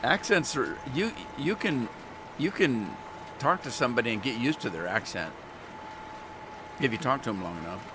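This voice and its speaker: A man's voice: medium pitch, expressive, normal speed, long pauses, noisy background. A man chatting casually on a live stream, talking candidly and rambling with frequent restarts.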